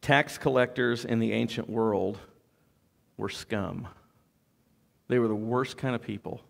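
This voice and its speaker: A man's voice: mid-range voice, measured pace, gravelly. A man preaching a sermon as pastor, in a conversational storytelling way with joking asides.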